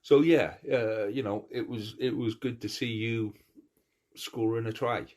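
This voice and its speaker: A middle-aged man hosting a podcast in casual chat, telling stories in an animated way with lots of restarts. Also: mid-range voice, unhurried. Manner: animated storyteller, acts out crowd cheers; chatty, many restarts and fillers. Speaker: podcast host.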